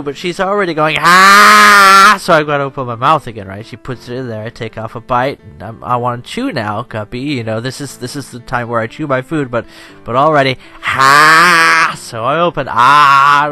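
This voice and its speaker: A man's voice: medium pitch, pushed and bright. A tired young man chatting over gameplay as a channel host, rambling and self-deprecating, laughing often.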